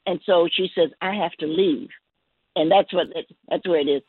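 A woman guest telling a gentle story on a call-in show, halting and repeating her words. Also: fairly low pitch, husky, no room sound. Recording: dry tinny phone line.

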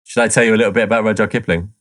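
Man, fairly low voice, relaxed co-host reading notes aloud. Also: racing. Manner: easygoing, explains and laughs along. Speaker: podcast co-host. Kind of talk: casual chat, reading background notes.

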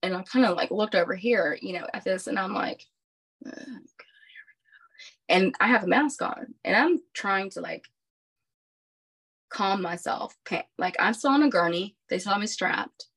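A woman, a podcast guest, recounting a personal story in an animated, emphatic way with frequent restarts. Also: mid-range voice, moderate pace, slightly rough.

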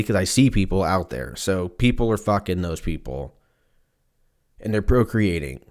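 A young man in his twenties hosts a solo podcast in a low-pitched voice. He rambles from tangent to tangent, swearing freely and joking as he goes. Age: 20s. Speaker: podcast host. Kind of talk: solo comedic podcast rant.

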